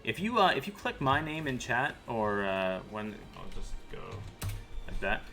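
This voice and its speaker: Male Canadian game caster, bright tone, casual filler-heavy banter, reads chat aloud. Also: mid-range voice, very animated, normal speed, soft background music. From Ontario, Canada.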